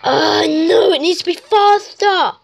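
A woman playing a video game and giving casual, excitable commentary to her viewers, exclaiming at each crash. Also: very high voice, slow pace, gravelly, slight background noise. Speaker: gaming YouTuber. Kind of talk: casual let's-play commentary.

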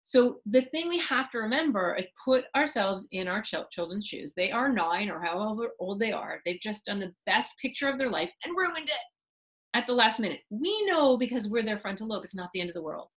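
A middle-aged woman teaching a parenting webinar, explaining with lively asides and acted-out examples. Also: mid-range voice, a little fast, poor audio. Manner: animated, acts out parent and child voices mid-explanation. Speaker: parenting therapist giving a webinar.

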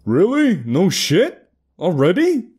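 A man's voice: sits high, wildly swooping pitch, takes it slowly, a little mellow, slightly rough, pitched above the performer's own voice, full character voice. A man voicing a curt, blunt gang member talking on the phone, in a spoken horror story. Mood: surprised.

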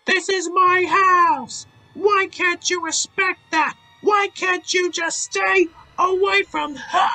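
A man voicing a possessed, demonic old man who yells in fury at a boy. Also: a little high, animated, extremely slow, few pauses, faint music behind, voice pushed up, heavily acted. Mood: raging. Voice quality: yelling, distorted.

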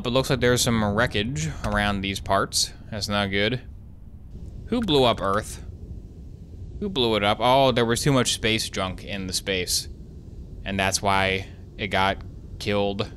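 A man's voice: fairly low pitch, a bit bright. A man giving casual, jokey commentary while playing a video game, thinking aloud as he goes. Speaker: gaming YouTuber.

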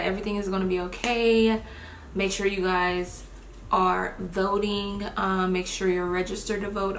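A woman's voice: on the low side, slight background noise. Chatty young woman in a roomy room. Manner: chatty and expressive, addresses viewers as y'all. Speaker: beauty vlogger. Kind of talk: casual get-ready-with-me chat. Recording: roomy home recording.

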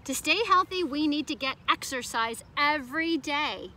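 Female preschool teacher, high bright voice, sing-song storybook reading with questions to kids. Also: lively intonation, normal speed. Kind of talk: reading a picture book aloud to children.

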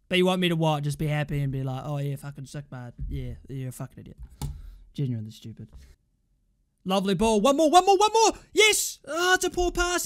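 A man with a high-sitting voice reacts live to a football match for his fan channel. He's excitable, swearing and shouting at the players.

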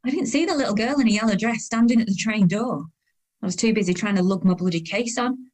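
A woman in her thirties with a fairly low, darkish, natural voice narrates in the first person. She plays a weary, self-conscious woman, and her tone is dry and sardonic.

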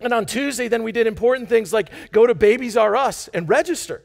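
A man's voice: very high-pitched, brisk, vocal fry. A man preaching a sermon as pastor of a church, enthusiastic and chatty, with joking asides to the congregation and frequent restarts. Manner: enthusiastic, bursts out with loud exclamations; frequent restarts and repeated words. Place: church sanctuary.

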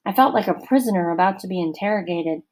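A woman narrating a children's novel aloud in an expressive storytelling manner. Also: fairly low pitch, fast talker, rough recording. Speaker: audiobook reader.

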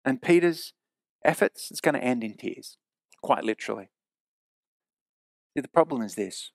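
A man preaching a sermon in a church, earnest and emphatic, slowing down to repeat key phrases. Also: mid-range voice, animated, creaky, no room sound, clean studio sound.

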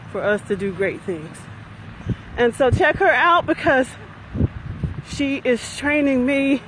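A woman's voice: on the high side, slight background noise, low-quality recording. A middle-aged woman, live-streaming from her phone while out on a walk, upbeat and chatty and short of breath. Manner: upbeat, chatty, cheering herself on. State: out of breath from walking. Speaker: investment coach and vlogger. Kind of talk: live-streamed walking vlog. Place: outdoors on a walking path by a pond.

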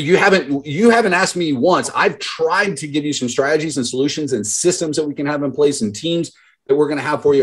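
A man's voice: mid-range voice, husky. A man in his thirties, a business mentor, telling stories in a motivational talk to a group call and acting out the voices of the people he quotes. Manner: storytelling, acts out quoted voices.

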